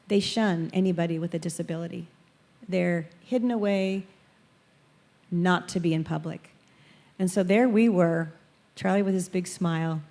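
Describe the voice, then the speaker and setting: A woman speaking at a church, telling lively personal stories and acting out the people she quotes. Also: medium pitch. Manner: animated storyteller, acts out quoted voices. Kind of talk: storytelling testimony talk.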